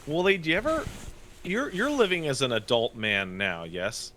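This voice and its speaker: A young adult man co-hosting a podcast in casual chat, an animated storyteller who acts out his quotes. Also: on the high side, normal speed. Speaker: podcast co-host. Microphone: studio podcast mic.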